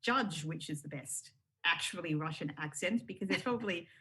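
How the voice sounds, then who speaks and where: A woman's voice: on the low side, moderate pace, bright, forceful tone. A woman co-hosting a podcast, thinking aloud thoughtfully in a casual film chat. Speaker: podcast co-host.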